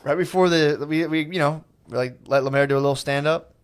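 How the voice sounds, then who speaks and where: Jokey, higher-voiced podcast cohost guy. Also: clear, resonant tone. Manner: joking, profane, quick retorts. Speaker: podcast co-host. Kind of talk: casual podcast banter.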